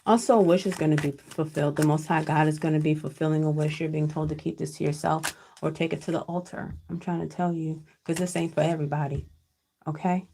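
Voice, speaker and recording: Woman tarot reader on a home livestream: low, gravelly voice, loose and chatty, keeps asking "okay?". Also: little pitch movement, brisk, dark tone, slight background noise. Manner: chatty, frequent "okay?" checks with viewers, casual cussing. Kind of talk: casual live tarot reading. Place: at home with her child nearby. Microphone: computer.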